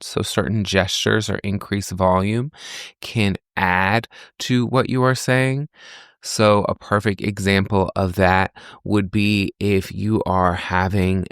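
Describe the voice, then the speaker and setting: Deep voiced guy teaching a class-style podcast, gravelly, asks the listener lots of questions. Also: no echo, clean studio sound. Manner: conversational teaching with rhetorical questions and examples. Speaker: communication professor and podcast host.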